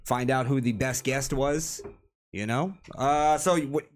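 A man's voice: medium pitch, background noise. Man hosting with mock-grand announcing. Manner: playful, mock-grand announcing with drawn-out phrasing. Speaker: podcast host. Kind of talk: casual podcast banter.

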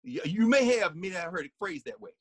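A man giving a conversational lecture, animated and laughing often, sometimes singing snippets and acting out voices. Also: high voice, quick pace, creaky, slightly rough, dry recording.

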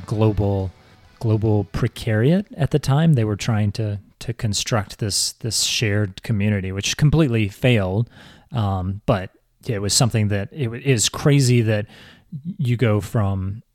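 A man's voice: lowish voice, a little mellow, dry recording, soft background music. Hesitant man explaining history, very dry sound. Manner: halting, many restarts, explaining history. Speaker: podcast host. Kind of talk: casual chat.

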